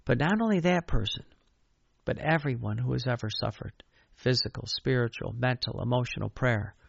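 A man's voice: mid-range voice, moderate pace, gravelly, husky, no echo, muffled recording. An older man, a priest, preaching a sermon in an anecdotal, conversational way and chanting repeated lines of prayer.

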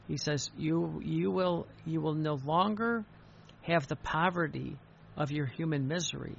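Gravelly-voiced man preaching a sermon. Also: a little high, fairly bright tone, lo-fi sound, a little hiss or hum.

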